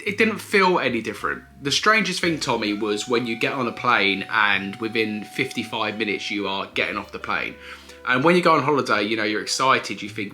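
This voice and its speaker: A man's voice: medium pitch, pushed and bright. A man, casually answering viewer questions in a chatty, explanatory vlog. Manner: chatty, explanatory, self-correcting. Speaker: eBay reseller vlogger.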